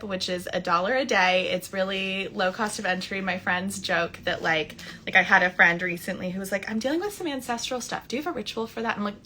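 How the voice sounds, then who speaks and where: A bright, lively woman in her thirties talks to her viewers on a casual live stream from her phone. She speaks as a spiritual coach, warm and enthusiastic and quick to laugh. Her tone has a clear, ringing brightness. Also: lowish voice, a little hiss or hum. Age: 30s.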